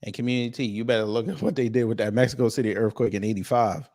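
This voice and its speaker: A man hosting a casual commentary show, swearing freely and mocking with animated energy. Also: mid-range voice, quick pace. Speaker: host.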